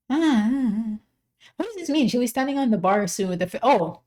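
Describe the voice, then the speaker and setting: A woman hosting a reaction video, musing out loud in casual, chatty commentary full of "like" and "you know". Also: fairly high pitch, animated, moderate pace.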